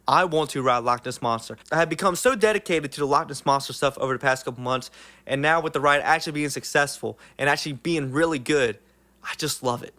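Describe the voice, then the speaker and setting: A man's voice: fairly high pitch, quick pace, sharp tone. A young man giving an enthusiastic, casual theme park ride review, full of "like" fillers.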